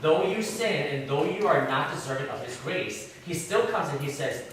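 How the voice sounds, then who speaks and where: A man teaching a Bible class. He asks the class questions in a lively, conversational way. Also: a little high, normal speed, few pauses. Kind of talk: interactive Bible study teaching. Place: church classroom. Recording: echoey room, distant mic, background noise.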